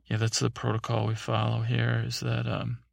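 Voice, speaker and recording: A man voicing a mellow, mumbling superhero in a sleepy bedtime story. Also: completely flat delivery, moderate pace, gravelly, no room sound, studio quality. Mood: flat. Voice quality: mumbling, low-key.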